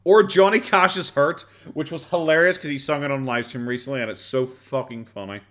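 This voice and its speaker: A man's voice: mid-range voice, expressive, fast talker. An Irish man chatting casually on a live stream while reacting to videos. He rambles, swears and laughs often, and keeps his voice down. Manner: kept quiet, not loud.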